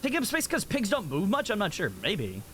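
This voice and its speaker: A man talks his way through a game on a live stream, wandering from thought to thought with lots of filler words. His voice sits high and swings all over the place, bright in tone. Faint music plays underneath. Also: a little fast, a little hiss or hum. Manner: rambling, giggly, easily excited, many "like" fillers. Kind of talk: casual live-stream chat while gaming.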